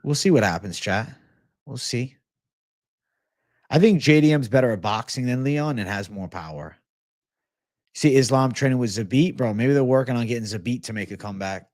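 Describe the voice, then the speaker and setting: A man's voice: medium pitch, lively intonation, normal speed, pauses often, darkish tone, no room sound. Young male streamer, casual and profane, reading chat questions aloud and answering them, close and dry. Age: 20s. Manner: laid-back, swears often, reads chat aloud. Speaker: host of a livestream Q&A.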